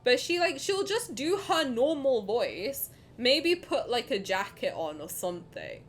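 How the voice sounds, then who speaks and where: A woman streaming and chatting casually with her chat, animated and swearing freely, dropping to low mutters and then rising to loud outbursts. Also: a little hiss or hum. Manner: reads chat questions aloud and answers them.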